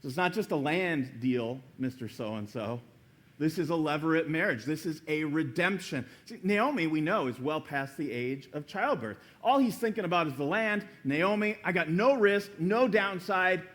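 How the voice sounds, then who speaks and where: A man delivers a church sermon in a fairly high voice. He tells the story with energy, slipping into little acted voices for the people in it. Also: moderate pace. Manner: animated storytelling, acting out quoted voices. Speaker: pastor.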